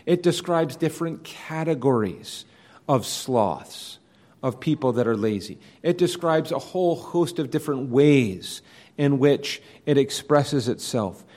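A man preaching an expository sermon in an earnest, measured way, often restarting his phrases. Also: medium pitch, lively intonation, a little mellow.

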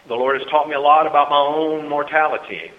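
A man preaching a sermon to a congregation, swinging between soft asides and loud, high-pitched exhortation and calling for amens. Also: steady tone, brisk. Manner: talks with the congregation, calls for amens. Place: church hall. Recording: tinny phone-like recording in a reverberant hall.

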